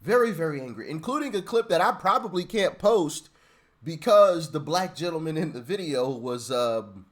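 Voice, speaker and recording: Lively rambling man reacting to clips. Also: a little high, moderate pace. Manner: rambling, stammers and repeats words, laughs often. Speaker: channel host reacting to clips. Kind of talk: casual reaction commentary.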